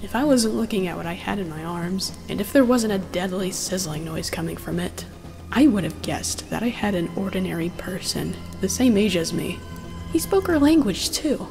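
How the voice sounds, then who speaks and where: A woman's voice: mid-range voice, expressive, moderate pace, creaky. Woman reading a wry fan story. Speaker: fan fiction reader. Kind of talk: first-person audio fic narration. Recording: long reverb with faint music.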